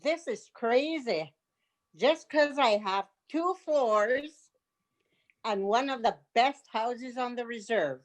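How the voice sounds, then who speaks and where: A woman's voice: fairly high pitch, slow. A woman reading the part of a proud older woman who shows off her house, in a rehearsal play reading. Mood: boastful.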